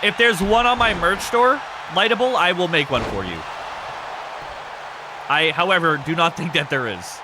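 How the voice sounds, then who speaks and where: A man's voice: sits high, lively intonation, moderate pace, noisy background. A man hosting a live game stream, commentating matches and chatting with viewers in a loose, laughing, foul-mouthed way.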